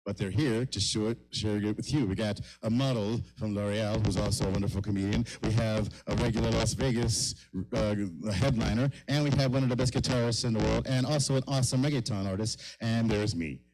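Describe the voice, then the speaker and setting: A man's voice: fairly low pitch, steady tone, fairly quick, a little mellow, rough recording. A middle-aged man hosting a live comedy show in a kava lounge, rambling and mocking himself with stumbling restarts.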